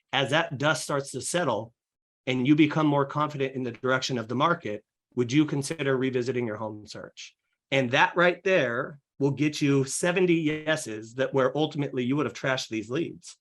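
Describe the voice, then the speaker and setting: A man's voice: mid-range voice, moderate pace. A young man talks shop on a podcast in an ordinary mid-range voice. He speaks with energy, piling on fillers and restarts. He acts out short client and agent exchanges as he goes. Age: young adult. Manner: energetic, filler-heavy explaining with acted client quotes. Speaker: real estate agent, podcast guest. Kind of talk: casual podcast conversation.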